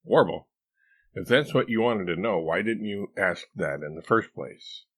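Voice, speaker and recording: Audiobook character: exasperated wife, read by a man, low and dry, softer than the narration. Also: lively intonation, measured pace. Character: weary, puzzled grown woman, the hero's wife.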